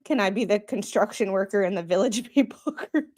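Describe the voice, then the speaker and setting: A woman's voice: mid-range voice, a little fast, a little mellow. A woman from Wisconsin with a Wisconsin accent, chatting casually with viewers on a live stream and chuckling as she reacts. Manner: chatty, chuckles often, talks straight to viewers. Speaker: streamer reacting to body cam footage.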